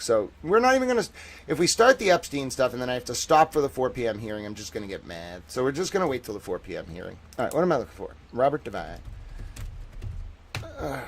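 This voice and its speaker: A man hosting a livestream, talking casually in a rambling, digressive way, swinging between loud outbursts and quiet muttered asides, often profane and sarcastic. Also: medium pitch. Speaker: livestream host.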